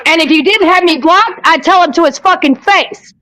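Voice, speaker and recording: A woman's voice: extremely high pitch, normal speed, sharp tone. A woman on a live panel, ranting aggressively with constant swearing and insults. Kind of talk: angry live-stream rant.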